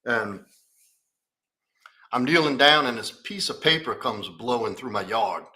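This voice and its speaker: Guy coaching on a live q&a, bright voice, rambling and swearing a lot as he tells his story. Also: mid-range voice, expressive, unhurried. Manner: candid, profane, rambling storytelling.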